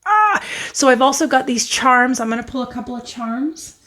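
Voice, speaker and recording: A woman from Canada giving an excitable, emotional tarot pick-a-card reading. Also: a little high, a little fast, slight background noise. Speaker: tarot reader.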